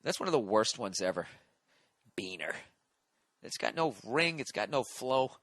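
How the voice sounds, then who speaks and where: A man's voice: lowish voice, sing-song, measured pace, a bit bright, no room sound, clean studio sound. A man in his forties hosting a podcast, rambling through a profane comedic monologue while on cold medicine and reading listener letters aloud. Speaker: podcast host.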